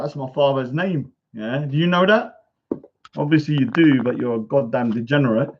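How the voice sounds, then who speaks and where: A vlogger with a mid-range voice rants and mocks his rivals at a moderate pace, swearing often in a casual video recorded in a bungalow room. The recording is dull and lo-fi, with a noisy background.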